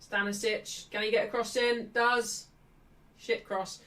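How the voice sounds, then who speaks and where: A woman's voice: fairly high pitch, measured pace. Chatty woman, slightly distant mic. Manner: chatty, cheeky, bursts into excited shouting at refereeing calls. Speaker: streamer hosting a watchalong. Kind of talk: live match watchalong commentary.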